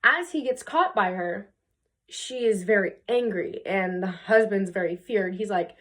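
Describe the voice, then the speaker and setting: A young woman casually retelling a fairy tale for her video, chatty and full of fillers, jumping into quick voices for the characters. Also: mid-range voice, fairly bright tone. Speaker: video creator.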